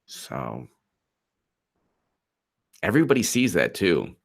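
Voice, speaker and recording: Slow, sing-song mocking male streamer. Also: low-pitched, wildly swooping pitch, vocal fry. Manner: giggly and mocking, often laughing. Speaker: political commentary livestream host. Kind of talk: live commentary, reading chat.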